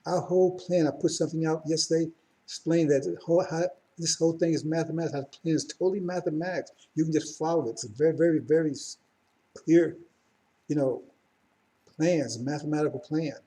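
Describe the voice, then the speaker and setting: A man's voice: fairly high pitch, fairly even intonation, brisk, mellow. A middle-aged man giving a rambling live-streamed religious talk, correcting himself and then building to fervent emphasis. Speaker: religious teacher.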